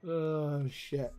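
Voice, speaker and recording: A man's voice: on the high side, mellow, clean tone. A young man streaming a game, chatting casually in a rambling, profane way and laughing often. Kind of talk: casual chat while gaming.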